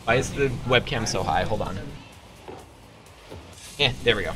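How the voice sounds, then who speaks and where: Teen male student caster, bright voice, jokey, gets sidetracked, yells at goals; faint music behind. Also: medium pitch, brisk, pauses often. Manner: joking, easily sidetracked, bursts into loud excited yells. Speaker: student esports commentator. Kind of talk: casual play-by-play commentary.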